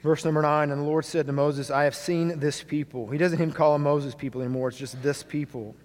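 A male pastor preaching a sermon to a congregation, earnest, often dropping quietly for emphasis. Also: on the high side, fairly even intonation, fast. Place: church sanctuary. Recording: long hall reverb.

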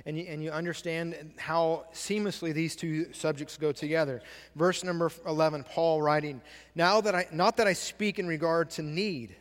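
A man's voice: fairly high pitch, steady tone, normal speed, a bit bright, in a large hall. A male pastor giving a sermon, repeating key phrases and asking the congregation questions. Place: church sanctuary.

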